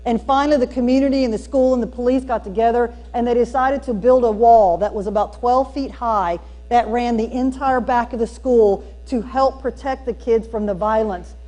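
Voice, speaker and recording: A woman with a Southern US drawl tells stories to a room of teachers, her voice sitting high. She is folksy and animated, and she leans hard into her punchlines. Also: normal speed, few pauses. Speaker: speaker at a teacher training day. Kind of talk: storytelling keynote talk. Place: church hall used for a school district training.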